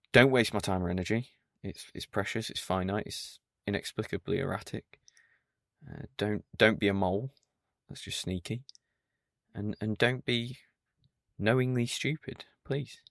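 Dry, mock-stern man, low gravelly voice. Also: fairly even intonation, unhurried, fairly bright tone, no room sound. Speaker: podcast host. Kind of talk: solo podcast monologue.

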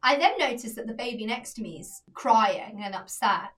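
A woman's voice: a little high, expressive, normal speed, fairly bright tone, distant mic. A woman in her twenties co-hosting a podcast, telling stories animatedly in casual chat and swearing freely. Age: 20s. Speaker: podcast co-host.

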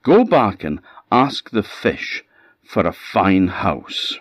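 A man's voice: sits low, very animated, measured pace, no room sound, clean studio sound, heavily acted. A man with an Orkney accent voicing a furious, greedy old peasant wife who shrilly scolds her husband. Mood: scornful. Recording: dull lo-fi sound.

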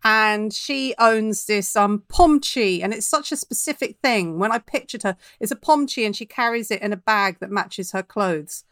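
A woman's voice: medium pitch, normal speed, few pauses, a bit bright, no room sound. Chatty woman author in dry studio. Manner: chatty, reflective, laughs easily. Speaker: author guest. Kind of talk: podcast interview.

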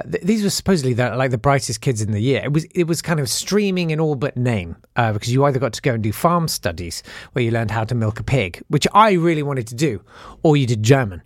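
A man's voice: mid-range voice, dry recording, studio quality. A man hosting a podcast, telling a school story in a wry, self-deprecating way and acting out the people in it. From South East London. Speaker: podcast host. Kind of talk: casual storytelling monologue.

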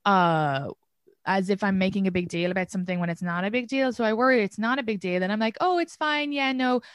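An Irish woman hosts a casual podcast chat, rambling along with plenty of "like" in her sentences. Her voice sits at an average pitch for a woman. The sound is dry and close, with no room echo. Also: quick pace. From Ireland. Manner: chatty, rambling, full of "like". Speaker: podcast host.

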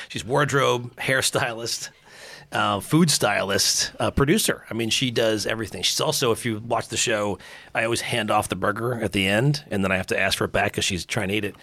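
A man, a burger expert and podcast guest, chatting casually and telling animated stories, acting out quotes and laughing often. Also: on the low side, moderate pace, creaky. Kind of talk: casual interview chat.

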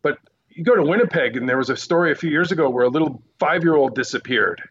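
Storytelling news correspondent, muffled line. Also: male voice, a little high, slight background noise. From Quebec Eastern Townships, Canada. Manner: animated anecdotes, quick asides. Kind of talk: casual podcast interview storytelling.

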